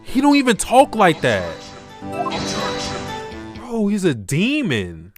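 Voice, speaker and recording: An excitable streamer ranting through let's play commentary, loud, laughing and swearing. The voice swings widely in pitch, jumping high in outrage. Faint music plays underneath. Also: drawn-out words.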